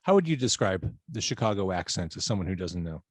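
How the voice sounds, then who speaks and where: Man, podcast host, dry jokes, lively pitch, dead dry sound. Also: fast talker, breathy edge, no echo. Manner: joking, dry asides. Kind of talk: casual interview chat.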